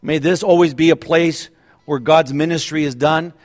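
A middle-aged man pastor preaching a sermon in a conversational, animated way, acting out voices now and then. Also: fairly high pitch, moderate pace.

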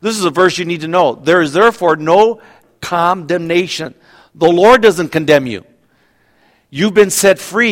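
A middle-aged man preaching a sermon as pastor, talking conversationally, often restarting and asking the congregation questions. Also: a little high.

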